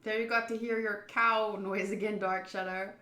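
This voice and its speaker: A woman's voice: medium pitch, little pitch movement, moderate pace, roomy sound, heavy background noise. A woman streaming a visual novel, reading its text aloud and chatting about it between bites of food. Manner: chatty, eats while talking.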